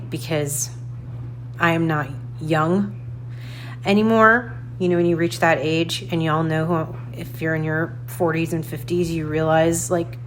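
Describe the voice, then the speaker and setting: A woman in her forties tells a personal story on her podcast, chatty and animated, poking fun at herself. Her voice sits a little low for a woman. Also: slight background noise. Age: 40s. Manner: animated, chatty, self-deprecating with frequent laughs. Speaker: podcast host. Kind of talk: casual storytelling monologue.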